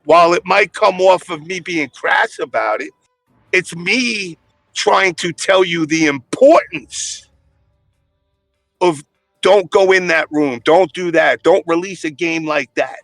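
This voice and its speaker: A man's voice: high voice, slow, a bit bright, dry recording, faint music behind. A man in casual podcast chat, telling stories in a blunt, profane way.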